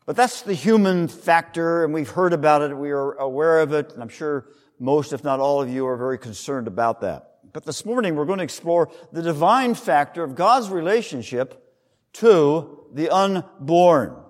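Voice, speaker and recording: A male pastor preaching a sermon, teaching in an explanatory way with emphatic rises and soft trailing drops. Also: fairly high pitch, expressive, moderate pace, long reverb tail.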